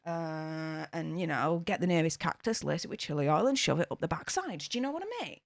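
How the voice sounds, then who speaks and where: Animated Yorkshire woman livestreaming. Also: low-pitched, a little fast, creaky, no echo. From Yorkshire, England. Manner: chatty and blunt, swears freely, animated. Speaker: YouTube livestream host. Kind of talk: casual livestream chat reading super chats.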